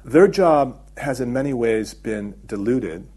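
A middle-aged man, a documentary filmmaker, giving a thoughtful interview and explaining his ideas with frequent pauses and fillers. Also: medium pitch, animated, mellow, husky. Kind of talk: reflective interview talk.

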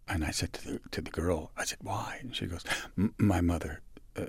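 A man from San Francisco, a guest in an interview, telling personal stories in a halting, reflective way and dropping softly when he quotes others. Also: deep voice, creaky, husky, dry recording. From San Francisco, USA. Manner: halting with restarts, soft dramatic dips when quoting others.

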